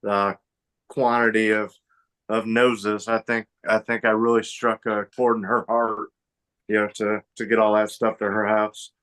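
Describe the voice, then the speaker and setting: Man, co-host, casual chat, low voice, relaxed, matter-of-fact. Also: measured pace, clean tone.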